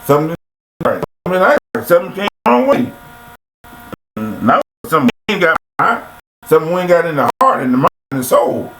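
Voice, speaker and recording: A man's voice: a little high, big pitch swings, a little fast, a bit bright. Guy repeating his life lessons over and over, lots of rhetorical questions, roomy echo and a faint hum. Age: adult. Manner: repetitive, preachy, full of rhetorical questions. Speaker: motivational speaker. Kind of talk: casual motivational monologue. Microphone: computer webcam mic. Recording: echoey room with faint mains hum.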